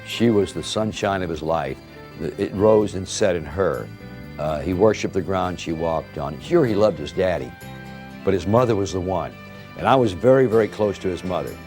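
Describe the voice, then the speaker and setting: An older man telling stories about an old friend and acting out the quoted dialogue in lively voices. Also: sits low, moderate pace, soft background music. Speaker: interviewee recalling a friend. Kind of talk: anecdotal storytelling.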